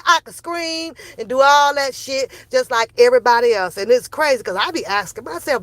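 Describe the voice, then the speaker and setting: A woman's voice: sits high, moderate pace, hardly any pauses, fairly bright tone, no echo. A middle-aged woman giving a heated, sarcastic opinion rant, full of profanity and repeated rhetorical questions. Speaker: commentary vlogger.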